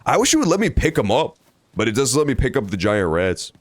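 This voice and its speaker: With a sing-song, fairly quick delivery and no echo on the audio, a man chats casually while streaming a game. The commentary is jokey and full of swearing, his voice hopping between high and low registers.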